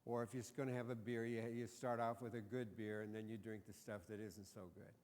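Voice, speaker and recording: A man's voice: on the low side, little pitch movement, brisk, a little mellow. A man preaching a sermon as a pastor, telling the story in a joking, conversational way. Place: church sanctuary. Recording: reverberant church sanctuary.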